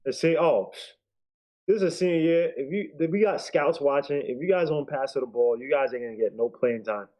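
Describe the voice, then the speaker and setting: A man's voice: on the high side, fairly quick. Joking man on a dull line. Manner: loose, joking banter. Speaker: co-host, fan commentator. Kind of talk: casual chat.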